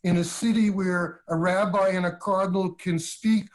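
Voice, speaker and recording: A man, a rabbi, moderating a livestream discussion, asking questions and reflecting in a measured, deliberate way over a video call. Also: high-pitched, fairly even intonation.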